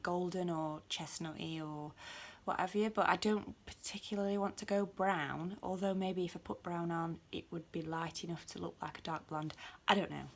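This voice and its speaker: A British woman in a chatty home vlog who rambles with lots of ums and mutters asides to herself, recorded on a phone. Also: lowish voice. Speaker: beauty vlogger. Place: at home indoors. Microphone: phone camera.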